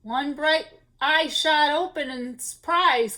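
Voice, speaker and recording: Reading a children's picture book at story time, a woman sounds expressive, gasping and making little asides to the kids. Her voice is on the high side, and she goes slowly.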